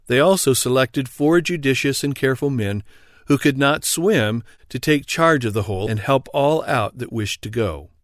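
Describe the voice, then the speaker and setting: A man narrating an audiobook in a steady, even storytelling read. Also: mid-range voice, normal speed, no echo, clean studio sound. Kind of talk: scripted narration.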